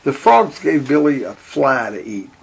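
A man reading a storybook aloud in a steady, deadpan way. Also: medium pitch, unhurried, vocal fry, slightly rough. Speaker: narrator.

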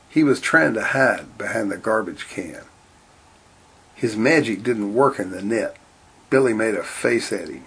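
A man reading a children's-style story aloud in a deadpan, matter-of-fact way. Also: medium pitch, vocal fry, slightly rough. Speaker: narrator.

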